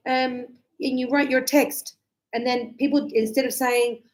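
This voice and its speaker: A woman's voice: high-pitched, steady tone, measured pace, a little mellow. An Australian woman teaching English, chatty, acting out short example dialogues to explain everyday phrases. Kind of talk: online English lesson.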